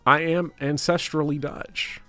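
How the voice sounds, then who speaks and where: A man's voice: a little high, flat delivery, unhurried, fairly bright tone, faint music behind. A man chatting casually and joking, laughing often and slipping into mock-scholarly asides.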